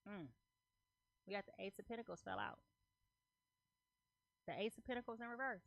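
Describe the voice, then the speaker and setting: A woman's voice: medium pitch, normal speed, vocal fry, a bit bright, no room sound. Emphatic woman tarot reader, dry sound. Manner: emphatic, repeats phrases, checks in with "okay?"; loose slangy talk. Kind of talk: casual tarot reading to camera.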